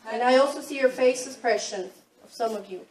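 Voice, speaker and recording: A woman's voice: high voice, brisk, a little hiss or hum. Earnest woman addressing a school council. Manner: earnest, appealing. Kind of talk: public comment. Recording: echoey room, distant mic.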